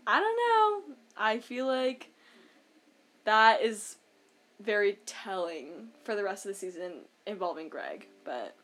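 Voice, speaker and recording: A woman co-hosting a podcast, chatting casually about a reality show, full of "like" and quick laughs. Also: medium pitch, very animated, fairly bright tone. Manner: chatty, lots of "like", laughs often. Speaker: podcast co-host.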